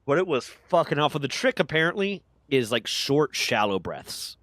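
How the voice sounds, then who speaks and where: A man streaming a game, chatting casually and telling an animated story with a lot of swearing. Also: fairly high pitch, normal speed, no room sound. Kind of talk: casual gaming chat.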